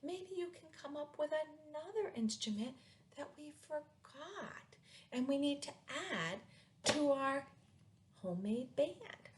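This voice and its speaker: Slow, sing-song woman teacher. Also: high voice, animated, slight background noise. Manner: sing-song, playful with sound words. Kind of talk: reading aloud and teaching young children.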